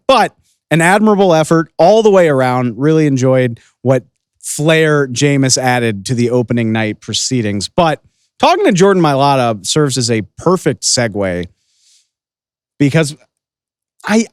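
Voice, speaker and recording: Lively, opinionated male podcast host. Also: mid-range voice, no room sound, studio quality. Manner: enthusiastic, opinionated, chatty. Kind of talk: casual commentary.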